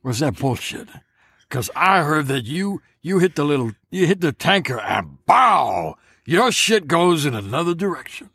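A man doing an impression of a brash, raspy older male film star, swaggering and crude. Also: fairly high pitch, very animated, moderate pace, sharp tone, pitched above the performer's own voice, full character voice.

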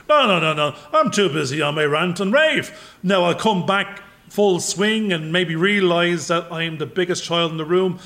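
High-voiced rambling man. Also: a little slow. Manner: rambling, animated storyteller with sudden loud bursts. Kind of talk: casual chat.

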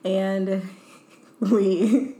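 A woman's voice: medium pitch, steady tone, extremely slow, mellow. A young woman co-hosts a podcast in casual chat. She teases her co-host and laughs through her stories. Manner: laughing, teasing banter.

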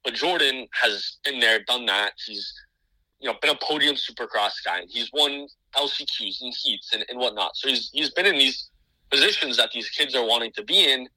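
Man, business owner guest, very bright voice, dry close sound, loose rambling podcast talk. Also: medium pitch, moderate pace, no room sound, low-quality recording. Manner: rambling, many restarts and fillers. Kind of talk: casual podcast chat.

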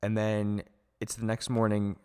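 A man co-hosting a podcast in casual film recap chat, excitable, jumping in to finish scenes and praise favorite shots. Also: fairly low pitch, measured pace, clear, resonant tone, in a large hall. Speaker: podcast co-host.

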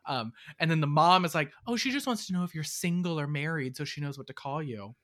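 A man co-hosting a podcast, recapping a movie in casual chat, sarcastic and often mock-quoting in a flat undertone. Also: on the high side, a little fast. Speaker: podcast co-host.

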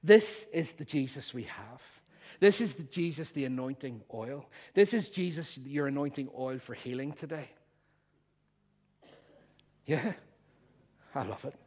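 A man's voice: medium pitch, animated, unhurried, pauses often, darkish tone, breathy edge. A man preaching a sermon, emphatic and playful as he explains word meanings to his congregation.

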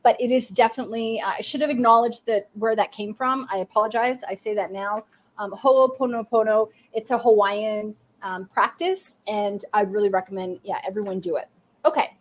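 Speaking at a normal speed in a mid-range voice, a woman leads a live psychic reading stream. She talks straight to her viewers with warmth and encouragement.

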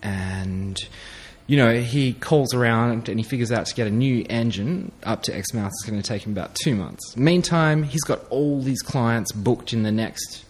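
A man's voice: mid-range voice, normal speed, breathy edge. A man telling a long fishing story in casual chat, laid-back and laughing through it. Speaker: guest angler.

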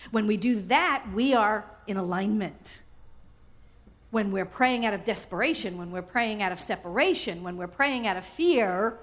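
Woman minister, somewhat high voice, lively sermon delivery, repeats lines for emphasis. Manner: animated, repeats phrases for emphasis, laughs often. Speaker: spiritual minister.

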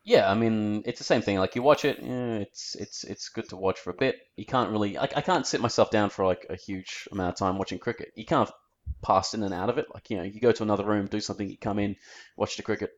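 An Australian man co-hosting a podcast in casual chat, relaxed and rambling, often repeating words as he thinks. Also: fairly low pitch, fast talker. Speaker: podcast co-host. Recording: dull lo-fi sound.

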